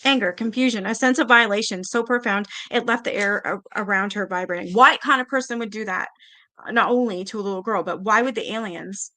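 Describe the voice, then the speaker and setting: A woman's voice: mid-range voice, brisk, sharp tone. A woman reading a book aloud in a casual way, stumbling over words and stopping to react and swear.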